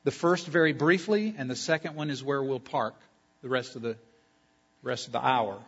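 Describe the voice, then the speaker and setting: A man preaching a sermon as a pastor at a church service. He talks emphatically, builds long spoken lists and slows down on key phrases. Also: mid-range voice, a bit bright, breathy edge, dull audio.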